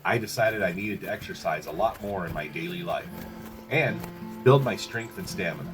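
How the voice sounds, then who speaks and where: A man's voice: low voice, animated, normal speed. Man narrating a voice-over over music.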